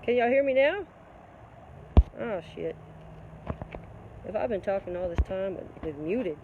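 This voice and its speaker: A woman hosts a casual live-stream Q&A, slightly congested, talking in an animated, preachy way and calling her listeners baby. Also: medium pitch, a little slow, narrow, tinny audio, background noise. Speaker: livestream host answering viewer questions.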